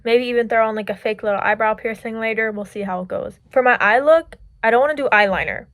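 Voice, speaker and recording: A woman's voice: fairly high pitch, fast talker, fairly bright tone, no room sound. A young woman vlogger telling stories in a chatty, giggly way, with lots of "like", while doing her makeup at home. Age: young adult. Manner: chatty, giggly, filler-heavy "like". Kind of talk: casual storytelling chat.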